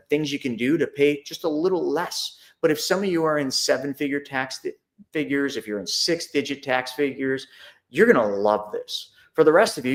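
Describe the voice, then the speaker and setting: A middle-aged man hosting a casual talk to an online audience, chatty and repetitive, acting out his own phone calls. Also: mid-range voice. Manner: conversational, repeats himself, acts out phone calls. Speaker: host of a money and investing talk.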